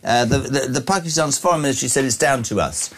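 A man's voice: medium pitch, fast talker, fairly bright tone, slightly rough. A man hosting a phone-in talk radio show, reading out listener messages with indignant, jokey opinions.

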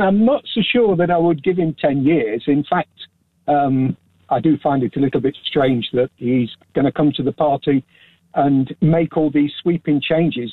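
Man, phone-in caller, tinny phone line, husky, slightly high voice, hesitant but firm. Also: no echo. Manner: hesitant with many ums, then firm opinions. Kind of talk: phone-in call. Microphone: telephone.

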